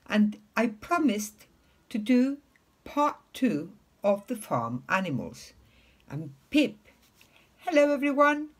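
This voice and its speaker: A woman teaching English to young children in a slow, sing-song way, talking to a puppet pupil. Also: medium pitch, breathy edge.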